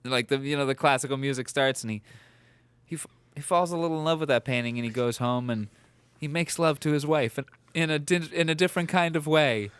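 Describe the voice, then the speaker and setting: Smooth-voiced man riffing with hiccups. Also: fairly high pitch, fairly quick, fairly bright tone, no echo. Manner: laughs often, rambling improvised storytelling. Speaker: podcast co-host. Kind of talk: casual comedic chat.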